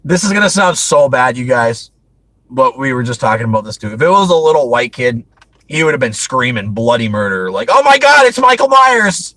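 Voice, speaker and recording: A man's voice: medium pitch, expressive, fairly quick, a bit bright, rough recording. A man hosting a casual movie review chat, rambling with frequent restarts and laughing often. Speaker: host.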